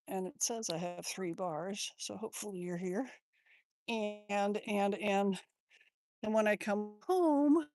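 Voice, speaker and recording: A woman's voice: a little high, darkish tone, dry recording. A woman chatting on a live stream outdoors in a sunny yard, greeting viewers by name, on a handheld phone. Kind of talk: casual live-stream chat.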